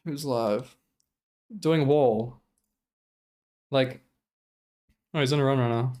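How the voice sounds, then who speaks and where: A man streaming and commenting casually, talking in an animated, profane, exasperated rant while reacting to gameplay. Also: medium pitch, slow.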